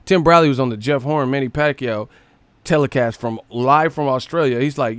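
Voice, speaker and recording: A man's voice: on the high side, brisk, dry recording. A man hosting a live stream, ranting casually about boxing with a lot of swearing. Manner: profane, ranting, animated.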